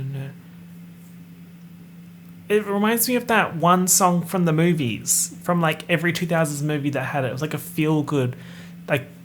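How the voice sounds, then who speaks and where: A man hosting a casual solo podcast, chatting and guessing out loud as he reads and half-sings song lyrics. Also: fairly high pitch, moderate pace, long pauses, slight background noise. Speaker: podcast host. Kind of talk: casual solo podcast, pop music quiz.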